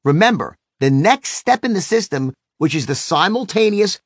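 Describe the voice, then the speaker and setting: A middle-aged man teaching a sales technique in a brash, animated way, swearing freely and acting out the people in his stories. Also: normal speed, dry recording, studio quality. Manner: brash, swears freely, acts out quotes with big pitch swings. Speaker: sales trainer. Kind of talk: animated teaching monologue with acted anecdotes.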